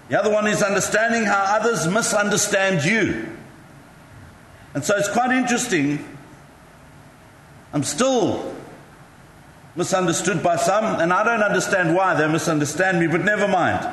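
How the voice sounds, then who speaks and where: A man's voice: high-pitched, a bit bright, slight background noise. A male pastor preaching a sermon, telling chatty, self-mocking stories to the congregation. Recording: echoey hall with faint ambience.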